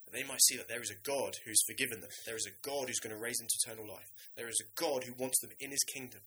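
A man preaching a sermon in a lively, conversational way, now and then acting out the voices of biblical figures. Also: mid-range voice, quick pace, a little hiss or hum, poor audio.

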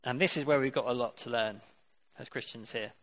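A man's voice: mid-range voice, a little fast, a bit bright. A man preaching a sermon, earnest and conversational, with rhetorical questions to his congregation.

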